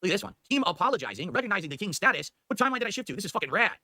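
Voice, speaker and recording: A man streaming, reading viewer comments aloud with animated, theatrical emphasis. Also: high-pitched, rapid-fire, no echo.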